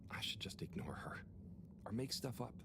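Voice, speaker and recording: An actor playing a shy, tired young man who mutters to himself and talks to his pet fish in soft, half-whispered asides, in a video game. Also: fairly low pitch, very animated, normal speed. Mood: muttering. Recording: game audio with ambience.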